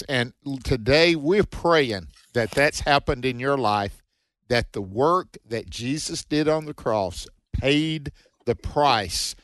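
A man's voice: mid-range voice, fairly bright tone, no room sound. A man co-hosting a Bible teaching radio show, reading scripture aloud and commenting in an earnest, preacherly way.

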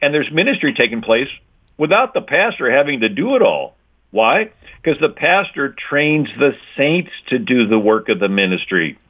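A man's voice: medium pitch, very animated, moderate pace. Man lecturing over a tinny line. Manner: lecturing, repeats key points with "right?". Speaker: guest speaker on Christian history. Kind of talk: emphatic explanatory talk.

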